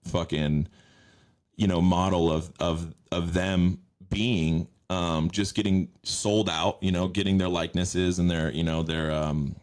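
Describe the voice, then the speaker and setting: Podcast host, man, very low voice, loose and profane. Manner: rambling, profane, many fillers. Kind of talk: casual chat.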